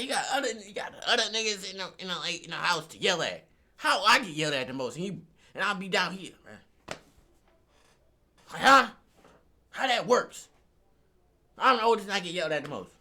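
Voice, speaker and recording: A man's voice: sits high, sing-song, moderate pace, long pauses, sharp tone. A man venting in a rant, exasperated, repeating himself and swinging from mutters to outbursts.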